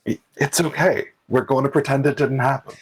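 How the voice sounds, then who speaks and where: A man's voice: mid-range voice, fairly even intonation, fairly quick, husky, rough recording. A man narrating a tabletop game as game master, good-naturedly steering the story along.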